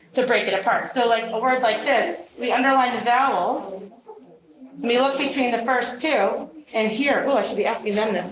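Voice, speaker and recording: A woman teacher leading a phonics lesson, encouraging and upbeat as she coaches young students. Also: a little high. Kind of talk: classroom phonics instruction. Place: classroom. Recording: echoey classroom with crowd noise. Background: children's voices.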